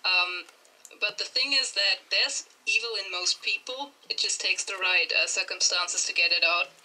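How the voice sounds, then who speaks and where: A woman's voice: medium pitch, moderate pace, bright, forceful tone, poor audio. A woman speaking hesitantly and thoughtfully in a casual group discussion. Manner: hesitant, reflective. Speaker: discussion participant.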